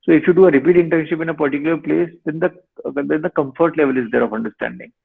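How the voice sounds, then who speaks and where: A male lawyer in his thirties, giving measured advice in a webinar over a video call. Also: fairly high pitch, steady tone, vocal fry, husky. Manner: measured, advisory. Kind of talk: webinar answer. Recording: tinny online call audio.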